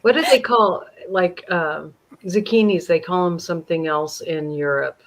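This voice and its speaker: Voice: mid-range voice, a little slow. An easygoing panelist in a casual group chat, laughing along.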